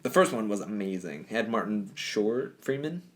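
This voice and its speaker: A man's voice: lowish voice, lively intonation, moderate pace. A man co-hosting a comedy podcast, joking through casual chat with frequent laughs. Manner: joking, laughs between lines. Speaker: podcast co-host.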